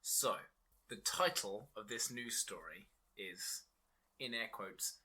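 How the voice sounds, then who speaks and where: A podcast co-host with a very bright voice and a husky edge. He swears freely and laughs his way through loose, animated banter. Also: lowish voice, takes it slowly. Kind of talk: casual podcast chat.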